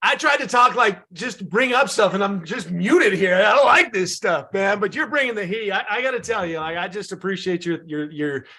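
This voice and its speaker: A man co-hosting on a video call, relaxed and friendly, telling a story with halting restarts. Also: high voice. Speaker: webinar co-host, business owner. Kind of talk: casual chat on a video call.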